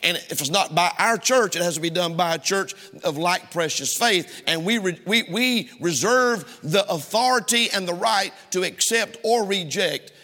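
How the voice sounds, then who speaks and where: A man's voice: high voice, animated, normal speed, few pauses, pushed and bright. A male pastor preaching a sermon from the pulpit with an emphatic, repeating cadence. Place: church sanctuary. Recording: long hall reverb in a church.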